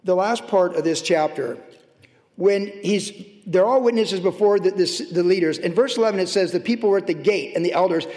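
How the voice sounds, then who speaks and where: A man preaching a sermon as pastor, swinging between loud, animated highs and hushed, tender lows. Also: a little fast. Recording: long reverb of a large hall.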